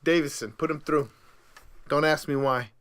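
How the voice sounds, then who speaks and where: A man hosting his own sports show, giving bracket picks in a hyped, playful, boastful way with stumbling self-corrections and sudden loud bursts. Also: on the high side, fairly even intonation, moderate pace, clear, resonant tone. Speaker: sports pundit host. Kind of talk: casual bracket picks monologue.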